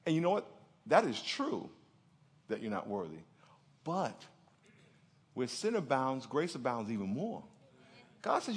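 Animated, high-voiced male preacher. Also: normal speed, pauses often, breathy edge. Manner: animated storytelling, acts out voices and laughs. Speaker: pastor. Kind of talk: sermon.

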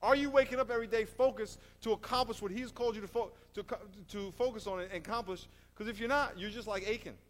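A man preaching a sermon in an animated, emphatic way, asking his congregation rhetorical questions. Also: sits high, fast, hardly any pauses. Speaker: pastor. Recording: reverberant hall.

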